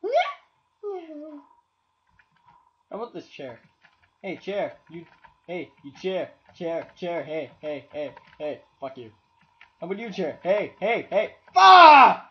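A man's voice: a little high, very animated, slow, long pauses, darkish tone, dull audio. A man with a cold commentating a game, exasperated and swearing, talking to objects on screen. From Canada. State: has a cold. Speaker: gameplay commentator. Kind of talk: let's play commentary.

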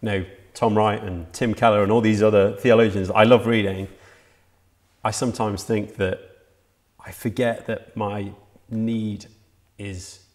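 A man's voice: lowish voice, little pitch movement, measured pace, darkish tone. A man preaching a sermon for a church livestream, earnest and reflective, often restarting his sentences. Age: adult, past university age.

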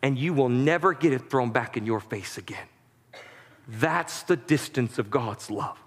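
A man preaching a sermon as pastor, with impassioned delivery that rises to shouting at its peaks. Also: mid-range voice, measured pace. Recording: long hall reverb.

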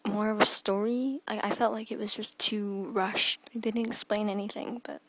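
A woman's voice: mid-range voice, flat delivery, normal speed, fairly bright tone, dry recording, rough recording. A young woman in her teens chatting in a rambling daily vlog from her bedroom, often dropping into a whisper, filmed on a phone held at arm's length. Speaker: vlogger.

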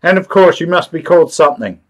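A man's voice: fairly high pitch, expressive, fast, voice pushed up. A man voicing a severe, brusque magistrate who questions a prisoner in a storybook reading. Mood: stern. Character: stern, brusque male magistrate.

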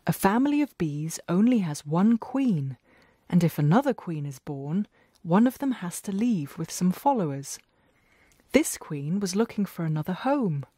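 A woman voicing a calm kindly farmer beekeeper. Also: on the low side, normal speed, breathy edge, dry recording, studio quality. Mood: reassuring. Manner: calm, reassuring.

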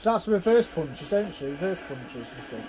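A man's voice: sits high, sing-song, normal speed, rough recording. A man giving casual reaction commentary over fight footage, chatty and constantly prompting the viewer to look.

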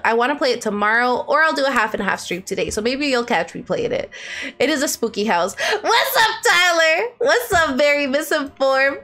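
A woman's voice: fairly high pitch, a bit bright. A woman in her twenties, a streamer chatting casually with her live viewers, bubbly and laughing often.

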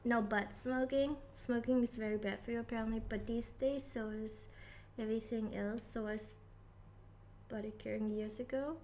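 A woman's voice: fairly high pitch, fairly even intonation, normal speed, darkish tone, a little hiss or hum. A woman streaming a video game live, chatting casually with viewers, giggling often and swearing when startled. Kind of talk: casual live gameplay chat.

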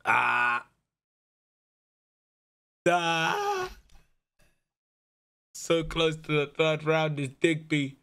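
A young man provides live commentary for his gaming channel while managing a football team, shifting from quiet dread to shouted excitement, in a medium-pitched voice.

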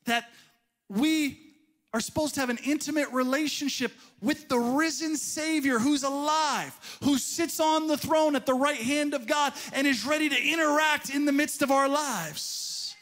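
High-voiced man preaching a lively sermon. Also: a little slow. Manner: conversational storytelling preaching, rising emphatic peaks, drops to a hushed aside. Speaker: pastor. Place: church sanctuary.

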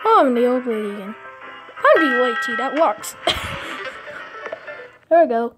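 A woman playing a mobile game, commenting casually and excitably with sudden shrieks and giggles. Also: a little high, unhurried, loud music behind the voice.

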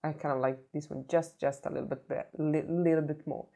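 A woman vlogging a makeup review, tired and hoarse from a cold, chatty and often restarting her words. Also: low-pitched, fairly even intonation, a little fast, dark tone. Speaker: beauty vlogger. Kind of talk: casual makeup review vlog.

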